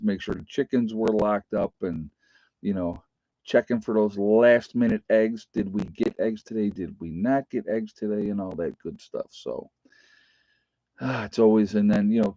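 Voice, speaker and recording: A man's voice: fairly low pitch, moderate pace, warm tone. A middle-aged man hosting a casual livestream, rambling and folksy with lots of fillers. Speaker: livestream host. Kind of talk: casual live-stream chat. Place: rural home. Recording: dull lo-fi stream audio.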